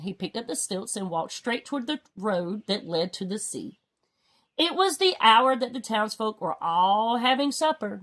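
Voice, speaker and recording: A woman reading a children's storybook aloud with expressive, dramatic delivery. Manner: expressive, swinging pitch for drama. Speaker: storybook reader. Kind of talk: read-aloud storybook narration.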